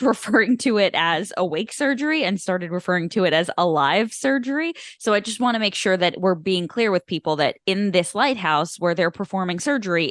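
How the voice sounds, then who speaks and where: A woman's voice: lowish voice, fairly bright tone, dry recording, clean studio sound. A woman co-hosting a casual movie podcast, blunt and teasing, wandering into side stories. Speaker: podcast co-host.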